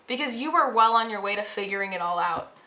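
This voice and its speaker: A woman's voice: medium pitch, expressive, fast, sharp tone. A woman giving a pick-a-pile tarot reading to her viewers, talking in a casual, earnest way with slang and emphatic encouragement. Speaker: tarot reader.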